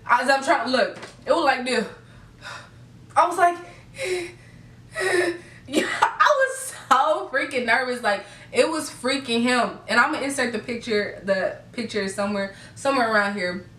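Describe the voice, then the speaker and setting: A young woman tells her viewers a story in a casual, gushing way, giggling as she goes. Her voice is bright and fairly high. She sits a little back from the mic in an echoey room. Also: lively intonation, normal speed, few pauses, recorded from a distance. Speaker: vlogger.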